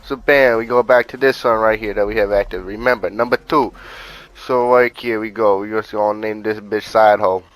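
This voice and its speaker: A man's voice: fairly even intonation, brisk, poor audio. Laid-back, profane man giving game tips. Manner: laid-back, profane, repeats "bada bing, bada boom". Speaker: gaming channel host. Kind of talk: casual profane gameplay tutorial voice-over.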